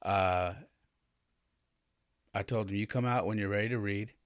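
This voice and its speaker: A man's voice: lowish voice, steady tone, measured pace, no echo, studio quality. A man in his forties hosting a podcast, telling a candid family story and acting out the dialogue, his voice climbing as he gets worked up. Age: 40s. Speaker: podcast host.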